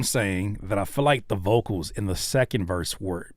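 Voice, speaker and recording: Low-voiced dude reacting to beats on a live stream, joking around, dry close sound. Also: male voice, normal speed, no room sound. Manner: animated, joking, swings from hushed to loud. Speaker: host reacting to viewer music. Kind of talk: live-stream casual commentary.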